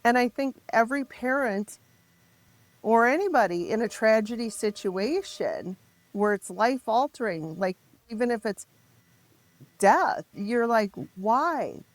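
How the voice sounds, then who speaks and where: A woman's voice: a little high, animated, no room sound. Raw-voiced middle-aged woman, dry sound. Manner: raw, emotional, halting with restarts. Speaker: podcast guest, parent. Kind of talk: candid personal storytelling.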